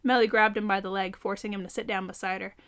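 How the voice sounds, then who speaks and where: A woman reading her own fantasy novel aloud as scripted narration, even and unhurried. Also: mid-range voice.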